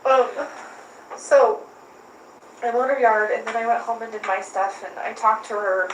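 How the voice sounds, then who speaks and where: A woman's voice: fairly high pitch, fairly even intonation, moderate pace. A woman questioned by authorities, recounting events and retelling text exchanges in an interview room. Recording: echoey room, voice from far off, faint hiss.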